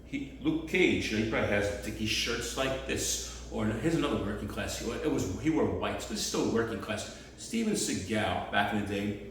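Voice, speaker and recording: A man rambling through a loose stand-up routine out on the street, with sudden loud bursts. He is heard from a distance, in a very echoey space with faint background noise. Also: on the low side. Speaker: street comedian. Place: outdoors on the street.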